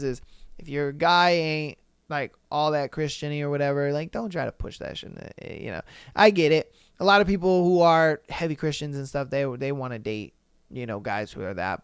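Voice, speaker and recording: High-voiced blunt man podcasting. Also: smooth, no room sound, studio quality. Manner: blunt, profane, keeps asking "you know what I mean". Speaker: podcast host. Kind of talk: casual chat reacting to listener comments.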